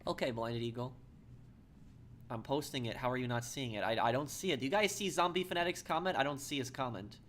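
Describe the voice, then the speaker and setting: A man streaming a game and talking casually to his viewers in a mid-pitched voice. He stumbles and repeats words as he reads out their comments. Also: a bit bright, slight background noise. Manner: halting, repeats words, reads chat aloud. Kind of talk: casual live-stream chat.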